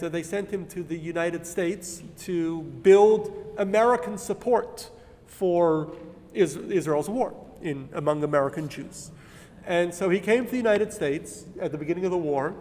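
A man with a high voice gives an earnest, emphatic sermon-style lecture. He talks with many fillers and restarts. His voice rings with a long reverb, as if in a large hall. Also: a little hiss or hum.

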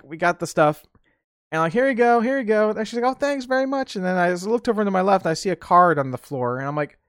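A man's voice: mid-range voice, smooth, dry recording, clean studio sound. Rambling man telling stories. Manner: rambling, repeats and restarts words. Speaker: podcast host. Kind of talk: casual solo storytelling.

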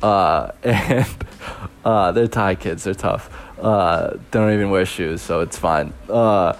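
A man's voice: deep voice, slow pace. Rambling young man telling stories. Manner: rambling, lots of fillers and laughs. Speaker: podcast host and teacher. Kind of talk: casual storytelling podcast.

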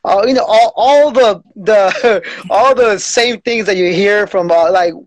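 A man in his forties hosts a podcast in a relaxed, slangy way and keeps saying bro. His voice sits high for a man. The sound is very dry and close, with almost no room around it. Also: unhurried, dry recording. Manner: laid-back, slangy, says "bro" often. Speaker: podcast host. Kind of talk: casual conversation.

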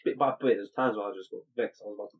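Husky fast-talking man. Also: lowish voice. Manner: animated, slangy, motivational. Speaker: podcast co-host. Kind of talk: casual chat. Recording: dull lo-fi recording.

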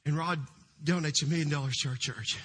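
A middle-aged man, a pastor, preaching a sermon in a large church, with fervent swings between loud cries and hushed storytelling. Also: fairly high pitch, steady tone, brisk, husky.

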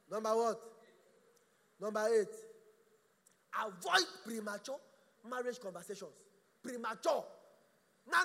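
High-voiced, gravelly male preacher. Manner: animated, stammering restarts, rhetorical questions. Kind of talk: sermon. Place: church. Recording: echoey church hall.

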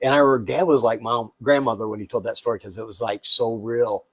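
Man, co-host, animated storyteller who gets loud when excited, dry close-miked sound. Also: medium pitch, fast talker, breathy edge, no room sound. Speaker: podcast co-host. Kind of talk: casual storytelling chat.

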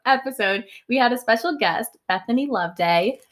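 A woman's voice: on the high side, lively intonation, brisk, a bit bright. A young woman in her twenties with a teasing, sarcastic, giggly manner, co-hosting a casual podcast chat as the daughter.

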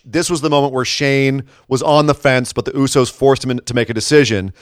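A man's voice: medium pitch, smooth, no room sound, clean studio sound. A man co-hosting a podcast, chatting animatedly in a casual wrestling recap. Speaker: podcast co-host.

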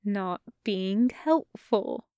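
A shy teenage boy stammers and hurries through his words, nervous on the phone, as a woman reads him in a storybook. The voice is smooth and fairly high. The sound is close and dry. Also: slow pace, dry recording.

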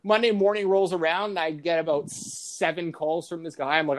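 A man's voice: fairly high pitch, steady tone, a little fast, hardly any pauses. A young adult man on a podcast, telling a story casually and rambling, with many fillers and quoted asides. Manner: rambling, lots of "like" and "I'm like" quotes. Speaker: guest, sports betting editor.

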